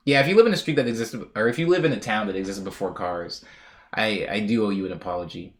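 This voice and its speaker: A man's voice: lowish voice, fast. A young man streaming live, reading viewer comments aloud and riffing on them in a rambling, jokey way with frequent laughs. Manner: rambling, jokey, laughs often, trails off on tangents.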